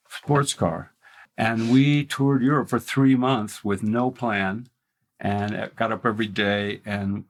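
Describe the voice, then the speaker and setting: An older man from Mississippi with a faint Southern accent, a ski photographer telling stories in a casual interview, rambling and restarting often. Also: mid-range voice.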